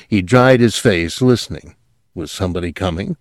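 A man reading a story aloud as narrator, measured and steady, dropping quiet at moments. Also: deep voice, no echo, studio quality. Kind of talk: audiobook narration.

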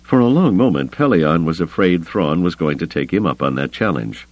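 Deep-voiced male audiobook narrator. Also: expressive, normal speed, hardly any pauses, no echo, poor audio. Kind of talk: scripted narration.

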